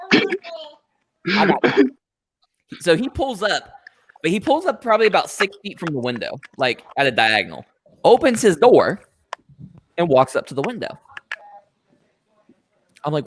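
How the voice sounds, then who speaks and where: Animated man acting out a story. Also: fairly high pitch, normal speed, long pauses, a little hiss or hum. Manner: animated storyteller who acts out both sides, profane. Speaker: podcast host. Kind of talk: casual storytelling chat.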